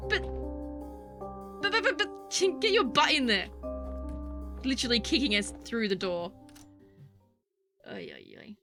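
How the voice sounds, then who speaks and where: A woman's voice: on the high side, very animated, measured pace, pauses often. A young woman chatting through a game playthrough, easily spooked and joking, with game music behind her. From Australia. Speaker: gaming streamer. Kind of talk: let's play commentary.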